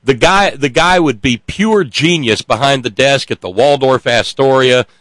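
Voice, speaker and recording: A man's voice: medium pitch, fairly bright tone, no echo, poor audio. A man co-hosting a casual chat, telling stories with frequent stops and restarts. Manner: halting storyteller with many restarts. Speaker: co-host.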